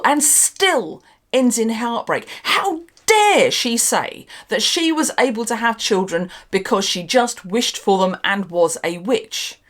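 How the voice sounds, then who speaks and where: A woman hosting her own vlog, ranting in a sarcastic, exasperated way and swearing for emphasis. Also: high voice. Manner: animated, emphatic delivery. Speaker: channel host.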